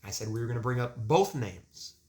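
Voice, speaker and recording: A young man, a guest on a podcast, telling stories in an animated, casual way, laughing often and swearing freely. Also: medium pitch, a little fast.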